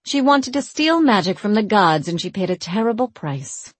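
A woman voicing a young queen who speaks curtly and cuts in with sharp, knowing remarks. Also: medium pitch, very animated, normal speed, breathy edge, no echo, pitched above the performer's own voice. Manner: curt, cutting in.

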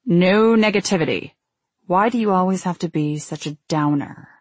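Narrator doing a cold domineering husband, curt and cutting, low husky voice, slow. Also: female voice, dry recording. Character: cold, controlling man, demanding husband.

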